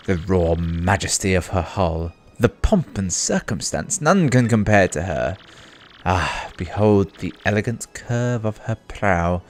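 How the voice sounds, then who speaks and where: A man's voice: fairly low pitch, heavily acted. A man voicing a pompous, vain, rich ship owner who talks in a grand, boastful, theatrical way.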